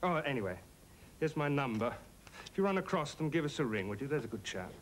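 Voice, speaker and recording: An actor plays a smooth, caddish Englishman with an English accent in a 1990s sitcom. He talks fast and breezily, with lively pitch. Nothing ruffles him. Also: slight background noise, natural voice. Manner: breezy, polite, unbothered.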